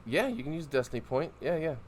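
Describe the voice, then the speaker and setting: A man running a tabletop game as game master, casual and halting with many fillers. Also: a little high, very animated.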